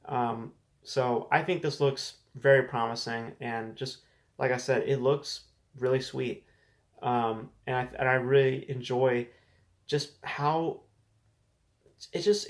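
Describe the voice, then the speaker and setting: A man hosting a casual solo movie news show, sharing frank opinions in a conversational way, often restarting and repeating words. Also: medium pitch. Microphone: desk camera setup.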